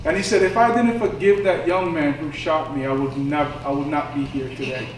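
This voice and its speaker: A man's voice: fairly high pitch, steady tone, brisk, background noise. A man preaching a sermon, telling stories in a conversational way that builds to impassioned moments. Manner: conversational storytelling, rising to impassioned. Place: church sanctuary. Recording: echoey church room from far off.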